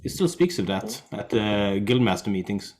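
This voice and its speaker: A man's voice: on the low side, lively intonation, moderate pace, a little mellow, a little hiss or hum, close to an everyday voice. Man voicing a dry, stern shopkeeper woman. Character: brisk, dry female coffee-shop owner.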